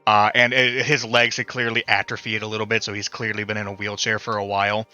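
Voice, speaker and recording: A man narrating a tabletop horror game as game master, halting often with filler words. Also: on the low side, flat delivery, bright, forceful tone. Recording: dull lo-fi mic with faint music.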